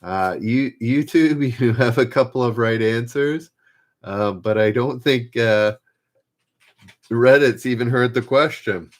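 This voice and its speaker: He's a trivia host on a live stream with a medium-pitched voice, taking things slowly. Relaxed and quick to knock himself, he restates each question while reading the guesses viewers send in.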